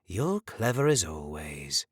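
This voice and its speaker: A man voicing a sly, obedient hooded assassin who speaks slowly and quietly. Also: sits low, sing-song, breathy edge, no echo, clean studio sound, voice pushed down, exaggerated voice.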